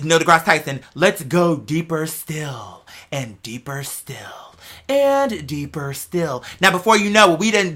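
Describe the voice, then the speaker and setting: Bright-voiced woman ranting casually. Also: mid-range voice. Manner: profane, animated, rambling, addresses listeners as "girl". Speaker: podcast host. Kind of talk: casual monologue.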